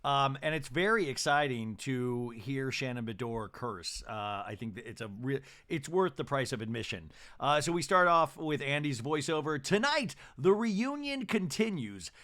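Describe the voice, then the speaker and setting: A man's voice: medium pitch, moderate pace, few pauses, bright, forceful tone. A man hosting a podcast, campily recapping a reality show episode with chatty asides. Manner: campy, chatty, full of asides and fillers. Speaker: podcast host.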